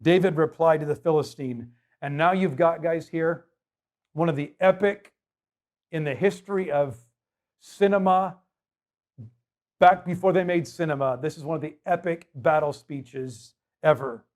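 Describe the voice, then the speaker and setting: A man's voice: on the high side, a little slow, darkish tone. A man preaching a sermon as pastor, emphatic and conversational, putting rhetorical questions to his congregation.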